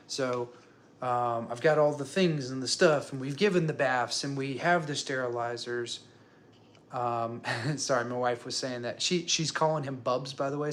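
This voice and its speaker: Chatty young dad rambling at home. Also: male voice, medium pitch, fairly bright tone, a little hiss or hum. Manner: rambling and chatty, with frequent fillers and restarts. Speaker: working dad vlogger. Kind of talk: casual talk to camera. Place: his home.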